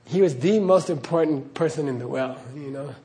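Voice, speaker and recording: A man's voice: a little high, moderate pace, mellow. A man giving an earnest spiritual talk to an audience, often checking in with "okay?" and laughing as he tells stories. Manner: earnest, repeats "okay?", laughs while storytelling. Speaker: spiritual teacher.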